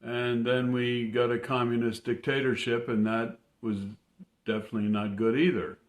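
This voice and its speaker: A man voicing a grim, matter-of-fact Russian man in an earnest, halting way, repeating words as he explains. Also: mid-range voice, little pitch movement, lightly acted. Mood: earnest explaining. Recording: roomy echo.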